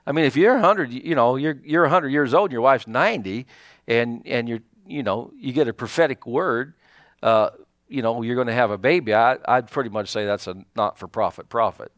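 A man preaching a sermon as pastor, in a folksy, animated way with many fillers and restarts. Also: medium pitch, a little fast, no echo, studio quality.

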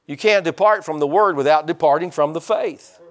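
A man's voice: fairly high pitch, brisk. An older man, a pastor preaching a folksy, joking sermon and calling out to his congregation.

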